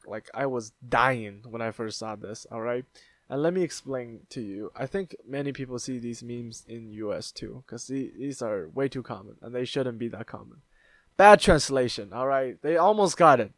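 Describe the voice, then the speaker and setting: A man's voice: medium pitch, dry recording. A man hosting his own channel, chatting casually as he explains internet memes, with plenty of fillers and restarts. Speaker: YouTube host. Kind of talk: casual meme commentary.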